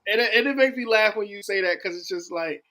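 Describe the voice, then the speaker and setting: An animated man tells a story as a guest on a live talk stream. His voice is high and very bright, with a sharp, forceful edge. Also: fast. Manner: animated, storytelling, laughs while talking. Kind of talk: casual chat.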